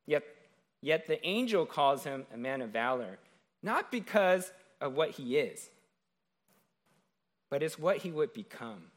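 A man's voice: on the high side, sing-song, unhurried, pauses often. A man preaching a sermon in a conversational way, retelling a scripture story and often checking in with "right?".

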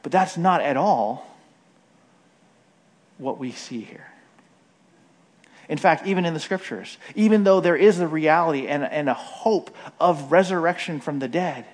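A man preaching in a relaxed, conversational way, his voice sitting a little higher than most men's. He keeps checking in with his listeners with "right?" and slips into quick voices when he quotes others. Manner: frequent "right?" tag questions, acts out quoted voices. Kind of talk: conversational sermon.

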